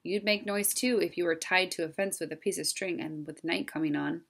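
A woman's voice: on the low side, fairly even intonation, a little fast, gravelly, a bit bright, husky, exaggerated voice. A woman voicing a young, frightened male crow in a storybook reading, sounding anxious and a little sheepish.

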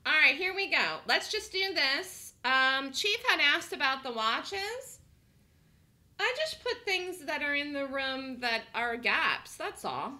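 Woman trading-room host, very bright tone, lively pitch, casual chatter with laughs. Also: slow. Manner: chatty, laughs often, thinks aloud. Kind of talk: live trading commentary.

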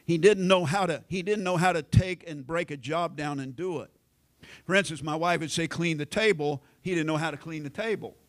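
A middle-aged American pastor preaching a sermon in a folksy storytelling way, acting out family conversations. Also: male voice, a little high, brisk. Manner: folksy storytelling, acts out quoted family lines.

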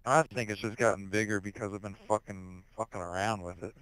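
A teenage boy in casual online voice chat on a headset, rambling crudely with heavy swearing and sudden shouted outbursts. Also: fairly low pitch, fairly even intonation, brisk, clean tone, no echo, poor audio. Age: teens.

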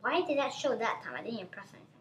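A woman giving excitable, chatty gameplay commentary as a gaming channel host, constantly exclaiming at what happens on screen. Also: on the high side, rapid-fire, slight background noise.

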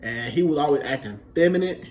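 A man's voice: on the high side, a little fast. A young man telling barracks stories in casual chat, acting out the voices and laughing as he goes. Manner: animated storyteller, acts out quotes, laughs often. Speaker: vlog host.

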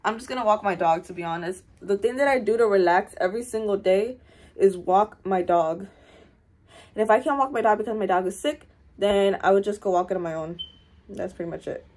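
A woman's voice: medium pitch, a little fast, darkish tone. A young woman in her twenties talking through her day in a casual vlog, candid and full of slang and swearing. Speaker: vlogger.

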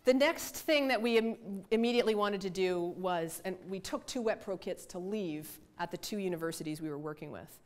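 Woman, middle-aged, academic lecture, lively storytelling, self-deprecating asides, medium pitch. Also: moderate pace, few pauses. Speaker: environmental researcher giving a talk. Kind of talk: lecture with a personal anecdote.

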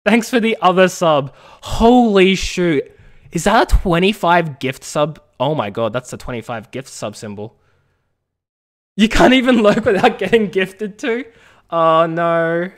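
A woman's voice: lowish voice, lively intonation, unhurried. An Australian woman streaming a game and chatting playfully with viewers, often laughing. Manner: playful, laughing, teasing the chat. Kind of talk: casual live-stream chat.

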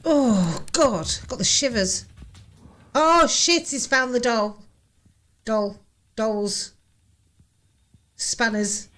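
Jumpy high-voiced woman reacting. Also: drawn-out words, pauses often, a bit bright. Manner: jumpy, swearing, exclaiming. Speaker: reaction video host. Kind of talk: reacting to a ghost-hunting video.

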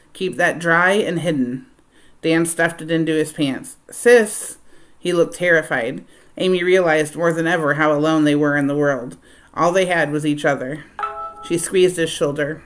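A woman reading a children's adventure novel aloud in a steady storytelling voice. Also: moderate pace. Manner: steady storytelling, voicing dialogue with raised pitch and volume. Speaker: reader of a novel.

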